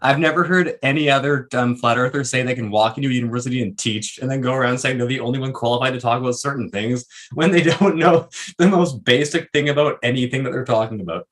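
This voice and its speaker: A man's voice: medium pitch, fast talker, few pauses, fairly bright tone. Joking male guest on a call. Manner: joking, teasing, laughs at his own jokes. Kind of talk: casual chat.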